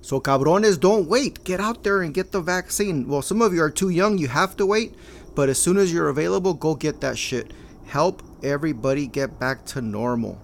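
A man's voice: a little high, moderate pace, gravelly, slight background noise. An older man hosting a podcast, talking casually in a blunt, profane way and mixing in Spanish slang. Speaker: podcast host. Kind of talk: casual monologue.

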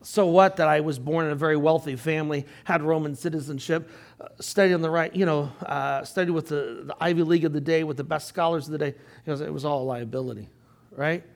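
An older man leads a Bible study in a relaxed, conversational way. His voice sits a bit high for a man, and he often clears his throat and adds asides to the class. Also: quick pace. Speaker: Bible teacher.

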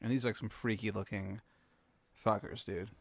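A man hosting a podcast, improvising an absurd story in a rambling, deadpan way. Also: on the low side, normal speed, gravelly, dry recording. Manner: rambling, deadpan, many fillers and restarts. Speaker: podcast host.

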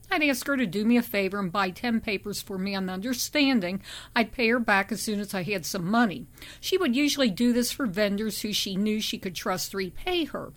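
A woman narrating a first-person memoir audiobook in a steady, measured reading voice. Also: medium pitch.

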